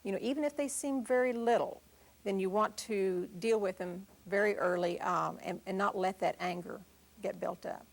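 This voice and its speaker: A woman parenting expert giving calm, direct advice on discipline and answering a caller's question. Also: mid-range voice, moderate pace, creaky. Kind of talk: instructional talk and call-in advice.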